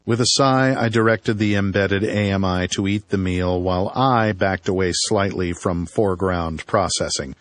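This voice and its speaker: A man's voice: low voice, normal speed, hardly any pauses, no echo. A man reading an audiobook in first person, with a dry, wry storytelling manner. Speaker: audiobook narrator.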